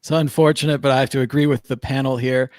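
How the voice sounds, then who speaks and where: Male panel host, mid pitch, dry close sound, brisk questions. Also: fairly even intonation, no echo. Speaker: show host. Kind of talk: panel discussion hosting.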